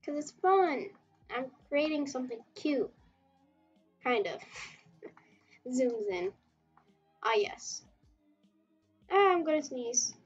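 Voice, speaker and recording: A woman's voice: high voice, animated, slow pace, long pauses, dull audio, soft background music. A woman streaming while she draws, chatting casually and rambling as she reacts to chat, with frequent giggles. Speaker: webtoon artist streamer.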